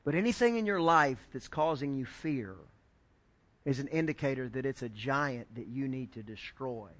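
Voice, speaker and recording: A male pastor preaching a sermon, emphatic and joking, building up to shouted lines. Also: mid-range voice, normal speed.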